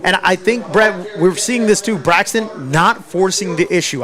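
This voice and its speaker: A man calling a high school football game play by play, building to shouts on big plays. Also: unhurried, hardly any pauses. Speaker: play-by-play announcer. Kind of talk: live sports play-by-play commentary.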